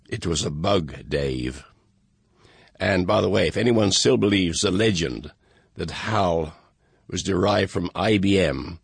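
Low, gravelly-voiced man with wry dryness. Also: no room sound. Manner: dry, wry and measured. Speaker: author introducing his book. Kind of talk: recorded introduction, read aloud.

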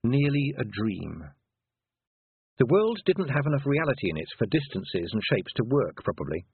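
A man narrating a storybook in an expressive, varied way. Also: mid-range voice, fairly quick, husky, no room sound. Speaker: audiobook narrator. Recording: tinny phone-like sound, dry.

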